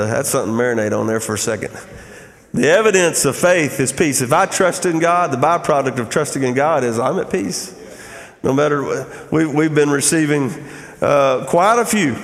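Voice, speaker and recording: A man's voice: fairly high pitch, in a large hall. A middle-aged male pastor preaching a sermon in a conversational way, often asking the crowd "Amen?".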